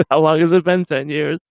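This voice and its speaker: A man's voice: a little high, no room sound, phone-quality sound. A man hosting a livestream, chatting casually with viewers in a rambling way and chuckling often. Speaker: livestream host.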